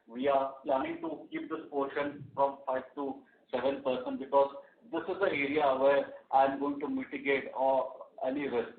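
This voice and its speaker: Executive on an echoey phone line. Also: male voice, mid-range voice. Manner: measured, fillers and restarts, business jargon. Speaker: company executive on earnings call. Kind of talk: conference call answers.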